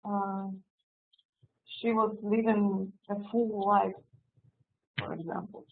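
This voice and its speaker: Woman, native russian speaker, english student, slow hesitant answers, tinny call audio. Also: medium pitch, little pitch movement, vocal fry. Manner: hesitant, many pauses and fillers. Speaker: language student. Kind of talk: online language lesson. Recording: tinny phone-like online call.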